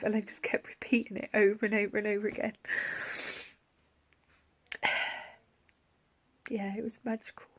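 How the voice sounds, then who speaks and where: Soft-spoken woman with a gravelly edge. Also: medium pitch, little pitch movement, normal speed, pauses often. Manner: soft-spoken, often drops to a whisper; heartfelt, tender. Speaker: vlogger. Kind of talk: personal vlog, reflective storytelling.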